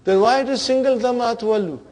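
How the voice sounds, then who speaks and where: A man teaching an Arabic grammar class, quizzing his students with repeated questions and murmuring quiet words of praise. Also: extremely high pitch, fast.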